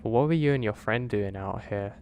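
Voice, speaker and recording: A man's voice: lowish voice, a little fast, a little mellow, slight background noise, lightly acted. A man voicing an odd, blunt rural gas station attendant who asks pushy questions.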